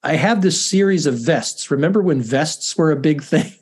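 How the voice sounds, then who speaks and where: A man's voice: on the high side, moderate pace, darkish tone, breathy edge. A middle-aged man, a university dean, chatting as a guest in a casual interview, self-deprecating and often restarting his sentences.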